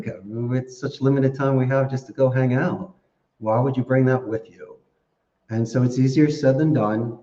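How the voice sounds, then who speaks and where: A man, a podcast guest giving casual interview answers in an animated, storytelling way and laughing often. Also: mid-range voice. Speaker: podcast guest, call center business owner. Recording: echoey room, dull lo-fi sound.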